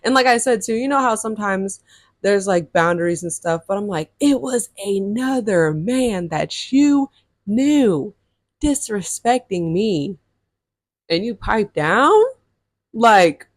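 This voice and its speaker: A woman's voice: mid-range voice, takes it slowly, no echo. Chatty young woman, dry close sound. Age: 20s. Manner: chatty, lots of fillers, animated retelling. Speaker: vlogger. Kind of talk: casual storytime chat.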